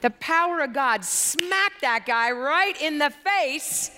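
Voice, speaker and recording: A woman's voice: high voice, slow. A woman preaching a sermon, telling a story with laughter and acting out the people in it. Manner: animated, laughing, acts out quoted people. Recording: long hall reverb.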